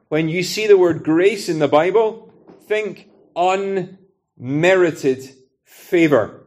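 A man from Britain preaching a sermon in an earnest, conversational way, using everyday illustrations. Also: fairly high pitch.

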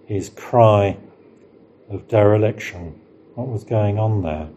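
A middle-aged man delivers a sermon at an unhurried, deliberate pace, his voice low and mellow. He keeps asking rhetorical questions and stretches out the words he wants to land, with faint ambience in the background. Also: highs cut off, a little hiss or hum. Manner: rhetorical questions, emphatic rises and slowed stresses. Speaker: preacher.

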